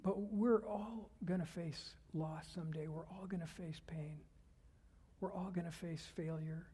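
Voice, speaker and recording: A man preaching a sermon as a pastor, earnest, dropping to hushed whispers and rising to loud fervor. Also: a little high, steady tone, unhurried, husky. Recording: long hall reverb.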